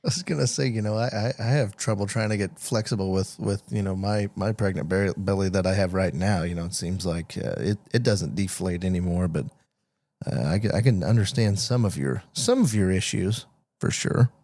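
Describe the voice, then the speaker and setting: Young male podcast co-host, dark mellow tone, dry mic, rambling stop-start stories. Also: low voice, dry recording. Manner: halting, many "uh" and restarts, storytelling. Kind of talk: casual chat.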